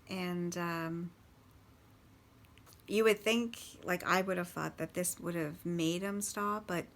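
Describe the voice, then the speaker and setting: A woman casually recounting life with a partner's drinking, halting and swearing bluntly, with many restarts. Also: on the low side. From Canada. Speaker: partner of a recovering alcoholic. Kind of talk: casual personal storytelling.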